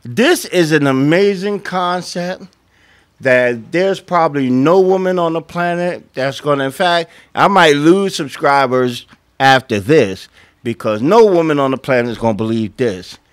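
A man's voice: on the high side, lively intonation, a little slow, no room sound, studio quality. A man giving blunt relationship advice to women in a casual monologue, swearing and acting out little back-and-forth dialogues.

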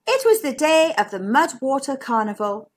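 Woman, children's storyteller, reading a picture book aloud, sing-song, high voice. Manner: slow, sing-song and expressive.

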